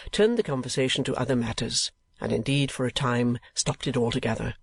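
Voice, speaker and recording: In a steady, measured reading, a man with a mid-range voice narrates an audiobook from a script. There is no echo.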